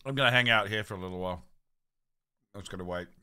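A man's voice: fairly low pitch, quick pace, pushed and bright, clear, resonant tone. A man as a player in a tabletop game, joking casually with the others.

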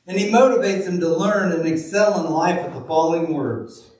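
A man preaching a sermon in a church, reading scripture slowly and telling folksy stories. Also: sits high, darkish tone. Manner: folksy storytelling, slow deliberate reading of scripture. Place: church sanctuary. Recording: very echoey room, from far off.

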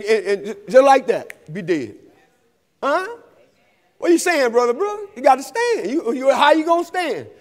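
A man preaching an altar-call sermon in a church, calling to the congregation and rising to shouts. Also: extremely high pitch. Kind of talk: sermon invitation. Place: church sanctuary. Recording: long reverb of a church hall.

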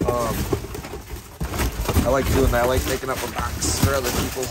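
A man talking casually as he films a vlog while digging through a dumpster, chatty and excitable, playfully stubborn. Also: mid-range voice, normal speed, loud music behind the voice. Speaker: dumpster diving vlogger. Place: outdoors at a dumpster.

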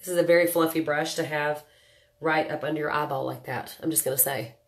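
Low-voiced woman chatting through a makeup tutorial. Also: fairly even intonation, brisk. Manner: chatty, talks to viewers while working. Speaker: makeup vlogger. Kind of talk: casual makeup tutorial chat.

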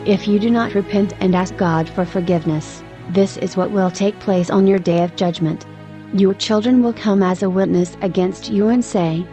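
A woman's voice: medium pitch, steady tone, normal speed, mellow, soft background music. A woman narrating a personal religious testimony in an earnest, emotional, scripted way.

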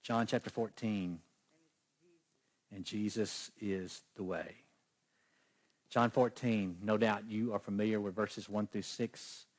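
Male pastor, husky timbre, emphatic sermon delivery. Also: on the low side, fairly even intonation, slow, pauses often. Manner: emphatic, questions the congregation.

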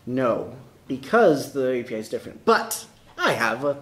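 A man presenting his software project at a meetup, talking casually and laughing often between answers. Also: medium pitch, sing-song, normal speed. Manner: laughing, upbeat, talks in bursts. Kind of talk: casual tech talk. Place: meetup room. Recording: echoey room with faint noise.

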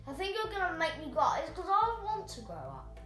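A man voicing his little son as a whiny protesting boy in a high squeaky put-on voice, in an echoey room. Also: huge pitch swings, brisk, bright, forceful tone, faint music behind, exaggerated voice.

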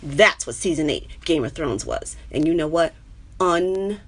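Her New York accent and breathy edge come through at normal speed as this stand-up comedian casually talks to viewers on her own stream. She's animated, her voice jumping up high with excitement, recorded by webcam or phone.

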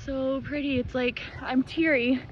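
A woman's voice: high-pitched, flat delivery, a little slow, muffled recording, slight background noise. A woman chatting casually to her camera outdoors at a rural crossroads, gushing and bubbly. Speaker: vlogger. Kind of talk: casual vlog chat.

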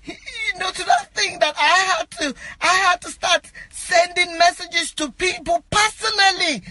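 A crying woman records an appeal on her phone from inside a car, her very high, piercing voice leaping up and down as she pleads. She keeps breaking into shouts and repeating herself. The sound is close and dry, with no room echo. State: crying, distraught. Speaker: actress. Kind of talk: emotional self-recorded appeal.

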